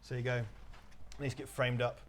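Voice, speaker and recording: A man's voice: medium pitch, flat delivery, fairly quick, slight background noise. Sweary English man, casual livestream. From England. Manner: blunt, sweary, enthusiastic. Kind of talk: casual chat.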